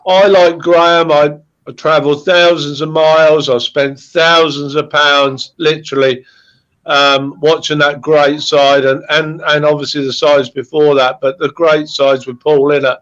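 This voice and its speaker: A man speaking as a guest fan in casual podcast chat, halting and repeating words as he talks from the heart. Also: fairly high pitch, flat delivery, fairly bright tone, lo-fi sound.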